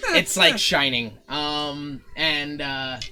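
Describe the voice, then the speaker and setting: A man's voice: fairly high pitch, extremely slow, pushed and bright, slight background noise. A man acting as dungeon master, narrating a tabletop game in a casual, rambling way with fillers.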